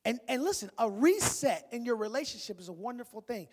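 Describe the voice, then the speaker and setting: A male pastor delivers a lively sermon in casual, playful speech. He swings between soft, hushed asides and loud, excited bursts. His voice rings with the long reverb of a large hall. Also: very high-pitched, fairly quick, few pauses, breathy edge. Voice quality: animated, sweeping from loud shouts to hushed asides, playful colloquial preaching.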